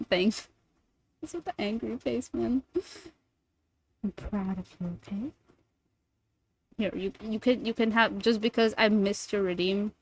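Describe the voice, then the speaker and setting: A young woman streamer chatting casually with her viewers, playful and teasing, sometimes giving soft, gentle affirmations. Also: medium pitch, a little slow, long pauses, low-quality recording. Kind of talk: casual livestream chat with viewers.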